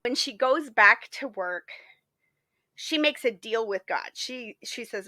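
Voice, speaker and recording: A woman co-hosting a podcast, chatting casually and retelling a story in a lively way full of fillers. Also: on the high side, takes it slowly, no echo. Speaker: podcast co-host. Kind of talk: casual chat.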